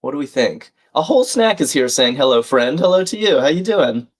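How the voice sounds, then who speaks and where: Brisk and very animated, a man with a higher voice solves a crossword on a live stream. He talks through his thinking, reads clues and chat names aloud, and keeps up friendly banter with viewers.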